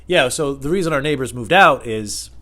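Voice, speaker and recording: A man casually telling a rambling, profane story in a deadpan manner. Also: medium pitch, moderate pace.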